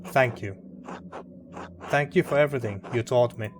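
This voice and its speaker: A man reading a grieving, guilt-ridden middle-aged man in a narrative game, quiet and halting. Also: mid-range voice, noisy background, lightly acted.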